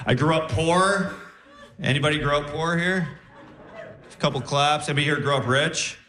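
A young man performing stand-up comedy on a club stage, animated and jumping into squeaky voices for punchlines. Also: moderate pace. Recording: roomy club sound with crowd laughter.

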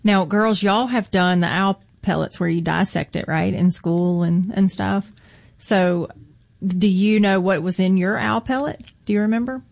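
A woman's voice: mid-range voice, steady tone, measured pace, vocal fry, darkish tone. A woman hosting a casual radio interview, asking chatty, friendly questions. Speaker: radio show host.

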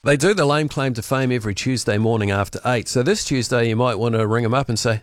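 A man's voice: mid-range voice, very animated, brisk, no echo. A chatty man banters on a radio show, jokey and breezy. His studio voice sounds close and dry, with no room sound at all. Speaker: radio host. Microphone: studio mic.

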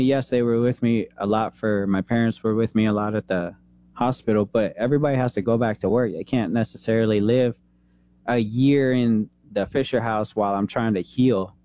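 A man in his thirties, a veteran, telling an emotional personal story in an interview, earnest and halting, holding back tears. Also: on the low side, mellow, no room sound, highs cut off. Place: San Antonio, Texas.

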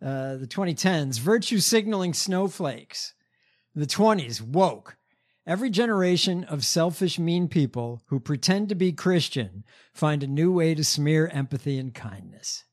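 A man co-hosting a political talk show, losing his voice to allergies, talking in a measured way with many hesitations. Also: on the high side, lively intonation. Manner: measured, hesitant, reads quotes aloud. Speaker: co-host.

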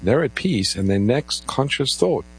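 A man's voice: medium pitch, a little slow, breathy edge, rough recording. A man co-hosting a live call-in Bible radio show, introducing callers and reading out phone numbers in a lilting way. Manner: lively, lilting delivery, takes calls and gives phone numbers.

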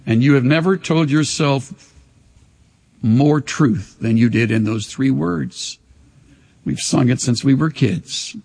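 Impassioned older preacher, husky voice, big hall. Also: male voice, mid-range voice, slow pace, darkish tone. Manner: impassioned preaching, sings old hymn lines, leads call-and-response. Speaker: pastor. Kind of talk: sermon with altar call. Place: large church hall.

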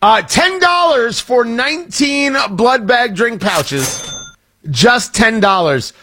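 A man's voice: very high-pitched, lively intonation, slow pace, bright, forceful tone, slight background noise. A man hosting a morning radio talk show, joking wryly and interrupting himself as he riffs. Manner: wry, joking, self-interrupting. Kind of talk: casual morning radio chat. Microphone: studio microphone.

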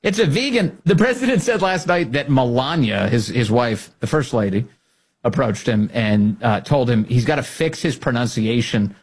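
A man hosting a political podcast, mocking and animated, often laughing at what he plays. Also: mid-range voice, normal speed, breathy edge. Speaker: podcast host. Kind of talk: political commentary.

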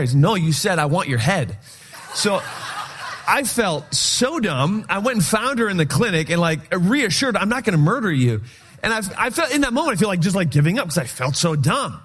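A man in his forties preaching a sermon in a fairly high voice. He is animated and joking, and he acts out his own baffled reactions as he tells his stories. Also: slightly rough. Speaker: pastor.

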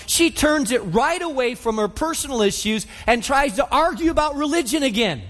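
A man's voice: extremely high pitch, normal speed, few pauses. A male pastor preaching a sermon, telling the story vividly and acting out the scene. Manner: animated storytelling, acts out the scene. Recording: long hall reverb.

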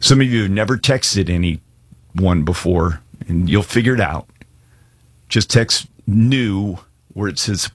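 Male pastor, low husky voice, dry close sound, earnest casual preaching. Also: no room sound. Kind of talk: sermon with altar call.

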